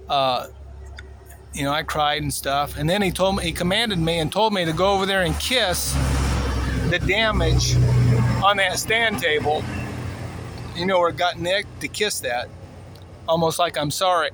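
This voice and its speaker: A man in his sixties from Cuba telling a personal story in a plainspoken, rambling way, with many fillers and pauses. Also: a little high, a bit bright, a little hiss or hum. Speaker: vlogger.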